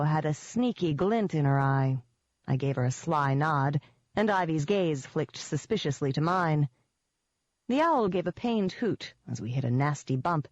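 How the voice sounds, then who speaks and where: A woman reading first-person fiction aloud as an audiobook narrator, with an even, wry storytelling manner. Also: low voice, no room sound. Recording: dull dry lo-fi audio.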